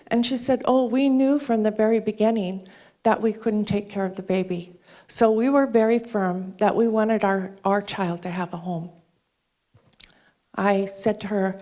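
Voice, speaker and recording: A woman's voice: medium pitch, steady tone, mellow. A woman giving a talk onstage, earnestly retelling a conversation by quoting each exchange. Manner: earnest, retells dialogue with quick quoted exchanges. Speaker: speaker at a charity talk event. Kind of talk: storytelling talk to an audience. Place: stage before an audience.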